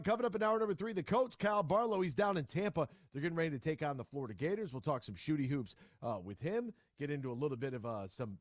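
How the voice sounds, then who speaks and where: A man hosting a sports talk radio show, casual and jokey, telling stories with animated voices. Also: fairly high pitch, no room sound, studio quality. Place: radio studio. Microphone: studio microphone.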